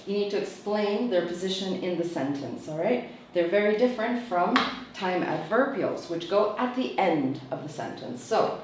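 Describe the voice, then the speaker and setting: Woman teacher going over grammar for other teachers, lowish voice, very echoey room, mic kinda far. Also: expressive, normal speed, few pauses, background noise. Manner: explains patiently, tags points with "okay?". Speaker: teacher trainer. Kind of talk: teacher tutorial lecture.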